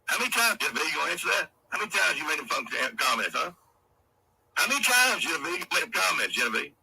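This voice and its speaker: A man's voice: a little high, creaky, sharp tone, slight background noise, rough recording. A man hosting a livestream, delivering a profane, confrontational rant and taunting his critics. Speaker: livestream host.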